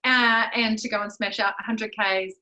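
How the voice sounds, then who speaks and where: A woman's voice: mid-range voice, fairly even intonation, moderate pace, dull audio, noisy background. A woman hosting a casual podcast interview, enthusiastic and cheering her guest on. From New Zealand. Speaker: podcast host.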